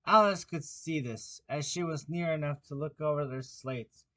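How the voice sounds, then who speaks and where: A man's voice: fairly high pitch, sharp tone. Man reading an audiobook aloud. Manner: plain, unhurried reading with small slips and restarts. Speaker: audiobook reader. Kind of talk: amateur audiobook narration.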